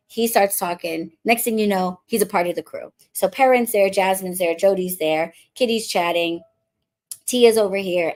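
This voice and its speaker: Woman, from the Bronx, podcast host, casual storytelling, chatty, acts out dialogue, mid-range voice. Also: mid-range voice. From the Bronx, New York. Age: adult, married since before 2020. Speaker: witchcraft coach and podcast host.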